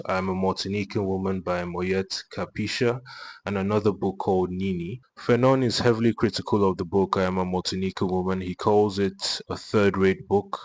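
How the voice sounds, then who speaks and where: A man with a very deep voice reviews a book in a flat, steady tone. He has little rise and fall as he talks. The delivery stays even from line to line. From Nigeria.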